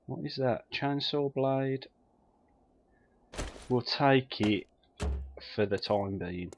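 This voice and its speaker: Slow-talking, swearing gamer. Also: male voice, medium pitch, highs cut off, a little hiss or hum. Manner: swears freely, mutters to himself. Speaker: let's play gamer. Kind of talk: casual gameplay commentary.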